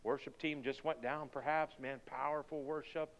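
A male pastor delivers a sermon in a church sanctuary at normal speed, his fairly high voice holding fairly even intonation. He presses his point with emphatic, repeated rhetorical questions, captured in a dull recording with long hall reverb.

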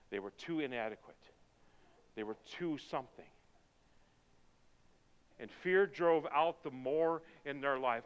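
A man preaching a sermon, moving from quiet, intense passages to loud, fervent pleading. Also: a little high, clean tone. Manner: swings from quiet intensity to shouted fervor. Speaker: pastor. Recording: dull sound with long reverb in a hall.

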